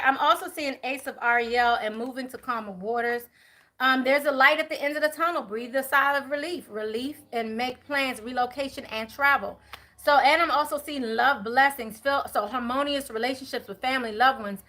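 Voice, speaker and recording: A woman giving a chatty live tarot reading, talking to viewers and spirits, with many fillers and quick apologies. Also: high voice, pushed and bright. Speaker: tarot reader.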